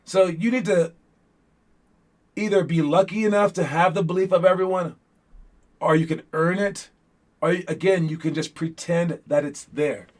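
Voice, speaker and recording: High-voiced man giving a rambling pep talk. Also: steady tone, normal speed, pauses often. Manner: rambling, full of fillers and restarts. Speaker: basketball coach giving a motivational talk. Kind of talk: casual motivational monologue.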